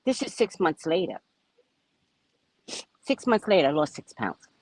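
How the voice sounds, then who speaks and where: Lively, chatty woman vlogger. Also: on the low side, measured pace, no echo, rough recording. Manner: chatty, animated, frank and a bit profane. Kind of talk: casual storytelling vlog. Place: at a resort.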